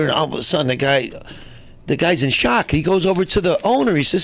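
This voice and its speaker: A man's voice: fairly high pitch, expressive, quick pace, fairly bright tone. A man, a comedian guest, telling jokes and acting out the characters in them. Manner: telling jokes with acted voices, gravelly. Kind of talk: joke telling.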